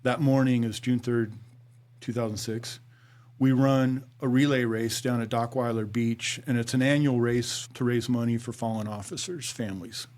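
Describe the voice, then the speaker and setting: A middle-aged man, a former police officer, telling his story to a podcast host, acting out dialogue and sinking low and quiet at grave moments. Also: steady tone, moderate pace. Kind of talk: conversational storytelling.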